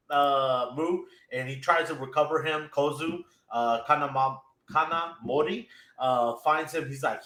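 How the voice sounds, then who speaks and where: A man hosting a casual anime podcast, recapping an episode with lots of fillers, laughter and sudden bursts of excitement. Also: fairly high pitch, reverberant. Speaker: podcast host.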